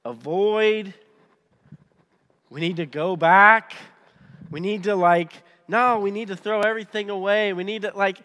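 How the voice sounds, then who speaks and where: A man preaches to his congregation in a loose, conversational way, his voice sitting a little high. He stumbles and restarts often, pressing his points with animated energy. The sound rings with the long reverb of a large hall. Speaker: pastor. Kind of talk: sermon.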